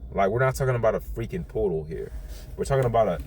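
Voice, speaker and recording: A man's voice: fairly low pitch, expressive, fast, darkish tone, slight background noise. A man giving a blunt, heated opinion monologue, speaking casually and swearing as he talks. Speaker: commentator.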